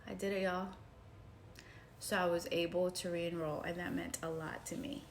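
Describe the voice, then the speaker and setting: A woman telling a personal story to her viewers in a casual, animated way, calling them y'all and swinging from hushed retellings to excited outbursts. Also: on the low side, normal speed, slight background noise. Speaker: vlogger.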